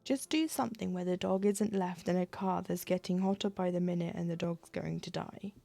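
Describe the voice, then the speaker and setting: A woman's voice: lowish voice, fairly even intonation, brisk, vocal fry, warm tone, no echo, faint music behind. A woman streaming her cross-stitching, chatting casually and ranting, laughing often as she talks at her desk. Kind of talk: casual chat while stitching.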